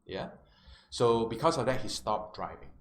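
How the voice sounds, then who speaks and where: A man in a roomy space, teaching as a life coach in an animated storytelling way. His pitch sits mid-range, and a faint hum sits under the voice. He keeps asking his listeners whether they follow. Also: moderate pace. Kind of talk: storytelling self-help lesson. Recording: roomy with faint background noise.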